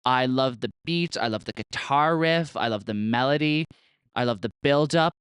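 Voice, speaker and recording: Brief: young male podcast host, smooth clear voice, dry close sound, excitable and sweary. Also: mid-range voice, moderate pace, dry recording. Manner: chatty and gushing, full of "like" and swearing. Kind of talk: casual chat.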